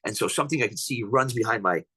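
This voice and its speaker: Podcast guest, male, rapid and rambling storyteller with frequent restarts. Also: lowish voice, sharp tone, husky, no room sound, low-quality recording. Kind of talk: telling a personal encounter story.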